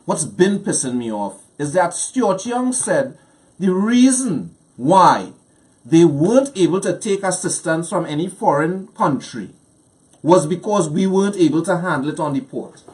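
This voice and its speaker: A man's voice: on the high side, expressive, measured pace, darkish tone. A man with a Trinidadian accent, a guest on a political talk show, speaking angrily and emphatically and repeating phrases to drive his points home.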